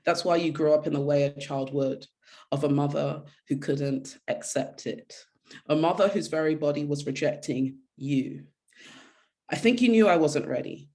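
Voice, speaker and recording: Woman, gravelly, low-pitched, earnest spoken word delivery, many fillers in talk. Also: normal speed, a little mellow. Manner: earnest, many fillers when speaking freely. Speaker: poet. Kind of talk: spoken word poetry, then reflective talk.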